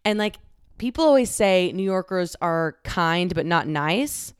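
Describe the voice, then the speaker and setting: A young woman from the Dallas-Fort Worth area talks through a casual solo podcast episode, candid and unguarded, with frequent "like" fillers and the odd curse. Her voice sits a little low and comes across smooth and clear. It is recorded close on a microphone in a dry space. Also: lively intonation, a little slow, dry recording. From Dallas-Fort Worth area, Texas. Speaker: podcast host. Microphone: close studio microphone.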